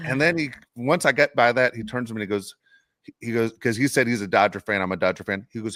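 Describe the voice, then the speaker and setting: Podcast co-host, middle-aged man, low voice, lively chatty storyteller, dry close mic. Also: fast talker, no echo. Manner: animated storytelling, laughs often. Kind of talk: casual chat.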